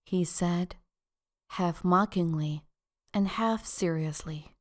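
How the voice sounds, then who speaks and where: A woman reads an audiobook in a measured, deliberate manner. Her voice sits on the low side. She takes her time over every phrase. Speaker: audiobook narrator. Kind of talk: scripted narration.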